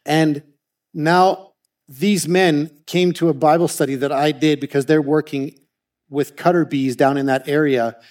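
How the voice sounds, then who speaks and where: Canadian-raised male ministry speaker, lively storyteller, somewhat high voice, restarts often. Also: a little slow. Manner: animated storytelling with frequent restarts. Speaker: ministry speaker presenting slides. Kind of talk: testimony talk to an audience.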